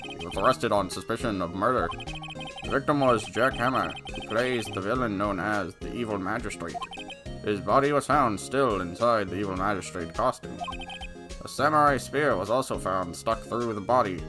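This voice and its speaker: A man's voice: fairly low pitch, normal speed, voice pushed down, lightly acted. A man voicing a formal male TV news anchor, reading from a video game over game music. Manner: flat formal newsreading.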